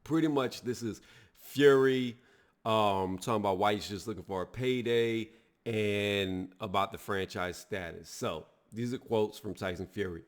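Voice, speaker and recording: Man, lowish voice, casual vlog commentary, blunt, heated, opinionated. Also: a little slow. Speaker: boxing video reviewer.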